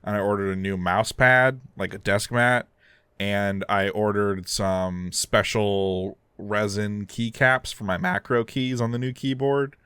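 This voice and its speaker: A man's voice: on the low side, fairly even intonation, a little slow, fairly bright tone, clean tone, dry recording. A man co-hosting a casual gaming podcast, rambling and joking as he chats. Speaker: podcast co-host.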